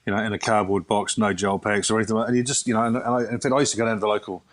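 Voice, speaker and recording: A man's voice: lowish voice, flat delivery, racing. A middle-aged man, a chef turned fishmonger, answering an interview question in a rambling way full of fillers and restarts. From New Zealand.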